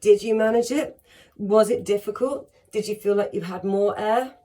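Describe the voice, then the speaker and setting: A woman's voice: mid-range voice, moderate pace, warm tone. A woman teaching a singing lesson on breathing, upbeat and encouraging, talking straight to her students and showing each exercise.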